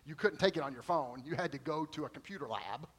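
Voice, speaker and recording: A middle-aged man preaching a sermon, telling stories in an animated way and acting out quoted voices. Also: fairly high pitch, fast, slightly rough, low-quality recording. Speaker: pastor.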